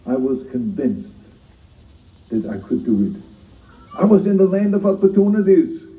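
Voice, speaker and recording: An older man with a German-speaking accent delivers a public speech, pressing hard on his key lines and repeating them. His voice sits a little high for a man but sounds dark and heavy. It comes from far off, echoey and dull, as if an audience member filmed it on a phone. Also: very animated, normal speed. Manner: emphatic, repeats key phrases, self-mocking humor. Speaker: keynote speaker at a citizenship ceremony. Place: outdoor ceremony. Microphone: speaker's mic filmed from the audience.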